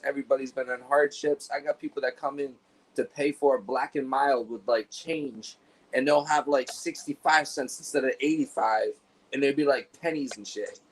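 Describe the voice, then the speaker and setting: A man's voice: on the high side, rough recording. Profane, rambling man chatting casually. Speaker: store clerk. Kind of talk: casual chat.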